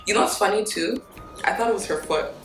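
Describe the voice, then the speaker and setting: A young woman host chats casually about motherhood, an animated storyteller who laughs often and throws in slangy asides. Her medium-pitched voice moves fast and is recorded from a distance, in a roomy space with music behind.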